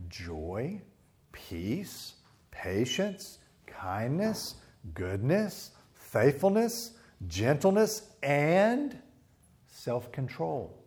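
A middle-aged man preaching a sermon, telling stories and acting out quotes with lively voices. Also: medium pitch. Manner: storytelling with animated acted-out quotes. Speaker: pastor.

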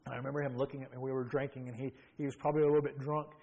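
A middle-aged man tells his own story from the pulpit. He speaks in a pitch that sits right in the middle of the range. His telling is earnest and reflective, full of small restarts and um's as he works through old memories. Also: level tone, rapid-fire, vocal fry, mellow, dull audio. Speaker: preacher giving his testimony. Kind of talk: testimony sermon.

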